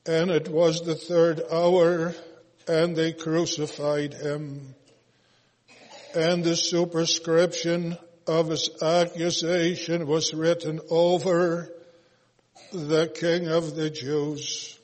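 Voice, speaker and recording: A man reading scripture aloud in a solemn, slow, almost chanted way, with occasional hesitant pauses. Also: fairly high pitch, level tone, a little mellow. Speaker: scripture reader. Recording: long hall reverb.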